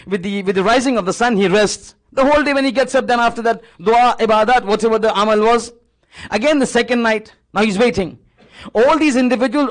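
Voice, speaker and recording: A man giving a sermon, retelling a religious story with dramatic repetition and acted-out dialogue. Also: very high-pitched. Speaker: religious speaker.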